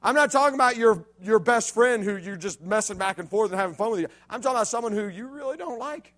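A man with a very high, bright voice preaches to a young crowd, bouncing all over his range as he jokes and acts out stories. His delivery is playful and animated, shifting into mock voices for the people in his tales. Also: fast talker. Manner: playful, jokey storytelling with acted-out voices. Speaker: youth pastor. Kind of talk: animated youth sermon with acted stories.

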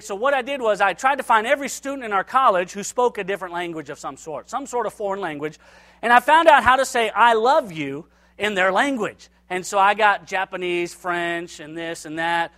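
Casting: male preacher, high and bright voice, animated storyteller who acts out every line of dialogue. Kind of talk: sermon storytelling.

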